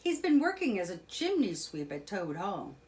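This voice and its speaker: A woman's voice: mid-range voice, wildly swooping pitch, moderate pace, a little mellow. A woman voicing a wise, commanding old male badger in a children's storybook. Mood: stern.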